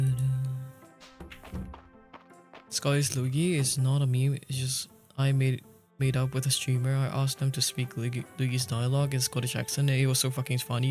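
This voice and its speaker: Young male streamer, mid-pitched voice, casual rambling chat with viewers, faint music underneath. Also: darkish tone. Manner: rambling, laughs often, chatty with viewers. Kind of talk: casual livestream chat while gaming.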